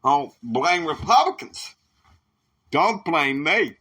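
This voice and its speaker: A man's voice: mid-range voice, big pitch swings, unhurried, gravelly, sharp tone, breathy edge, heavily acted. A man voicing a president in an amateur role-play, scolding and authoritative, and giving orders. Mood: defensive. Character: impression of a stern, commanding male president.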